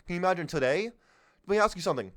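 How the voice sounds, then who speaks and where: A man with a high, expressive, fairly bright voice races through an unscripted political monologue as a podcast host. He speaks emphatically, firing rhetorical questions at listeners and sometimes losing his train of thought.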